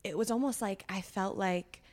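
A woman's voice: medium pitch, normal speed, darkish tone. A young adult woman hosting an interview, reflective and affirming as she shares her own experiences. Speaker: podcast host, former college volleyball player. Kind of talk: casual interview conversation.

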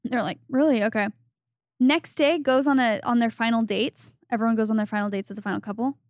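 A young woman co-hosting a podcast, telling a story in animated casual chat and acting out what people said. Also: on the high side, fairly quick, no echo, studio quality. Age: young adult. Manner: animated gossipy storytelling with quoted voices. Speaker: podcast co-host.

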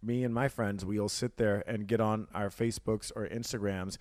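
A man's voice: fairly low pitch, steady tone, moderate pace, darkish tone, no room sound. A man in his thirties co-hosting a podcast, rambling and trailing off mid-sentence. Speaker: podcast co-host. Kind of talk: casual chat.

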